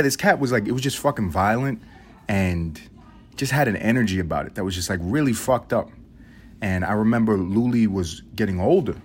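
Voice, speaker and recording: A young New York City man hosts a solo podcast, telling rambling, profane stories and musing aloud as he goes. At times he imitates his grandmother in a high voice.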